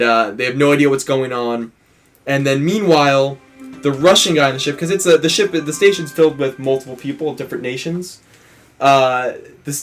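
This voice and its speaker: Co-hosting a let's play, a man with a voice on the high side casually retells a film plot. He rambles, restarts often, and acts out quotes.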